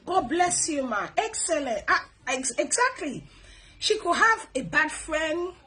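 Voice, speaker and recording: A middle-aged woman with a Nigerian accent, hosting a casual advice talk. She reads viewer comments in an animated, preachy way, blessing her viewers. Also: high voice, measured pace, low-quality recording. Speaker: host.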